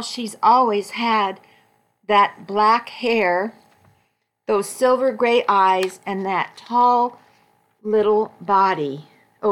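A woman narrating a first-person story in a measured, unhurried way. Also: mid-range voice, fairly bright tone. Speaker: audiobook narrator.

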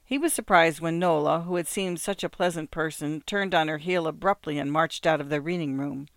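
A man narrating an audiobook in a measured, even storytelling manner. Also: on the high side, no echo, studio quality.

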